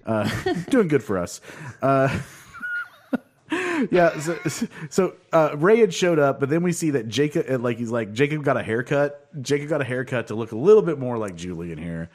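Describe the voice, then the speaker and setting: Animated, joking American man. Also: mid-range voice, moderate pace. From United States. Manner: loose, jokey, swears freely. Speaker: podcast host. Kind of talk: casual chat.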